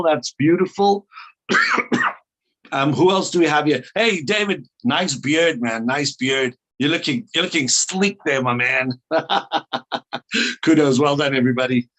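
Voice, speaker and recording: A man's voice: fairly high pitch, a bit bright. Upbeat South African man on a video call. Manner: playful, upbeat, chatty banter with attendees. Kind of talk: online training call.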